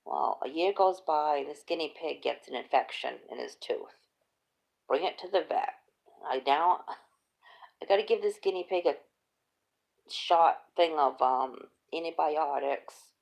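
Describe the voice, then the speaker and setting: Low gravelly middle-aged lady chatting, animated storyteller, laughs a lot. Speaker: host. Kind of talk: casual chat.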